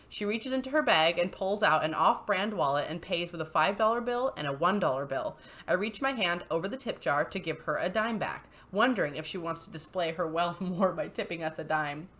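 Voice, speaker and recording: A woman's voice: fairly low pitch, lively intonation, a little fast, few pauses, fairly bright tone. A woman hosting casual commentary on online posts, chatty and giggly, with lots of fillers. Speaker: channel host.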